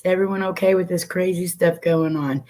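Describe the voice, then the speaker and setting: A woman's voice: on the low side, fairly even intonation, a little fast, dark tone. Chatty woman hosting a livestream. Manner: chatty, greets viewers by name. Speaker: livestream host. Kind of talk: casual livestream chat.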